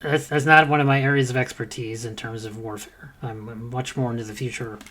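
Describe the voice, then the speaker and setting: A man's voice: medium pitch, fairly even intonation, fairly quick, fairly bright tone. A man co-hosting a casual gaming podcast, giving blunt, profane opinions with bursts of energy. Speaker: podcast co-host.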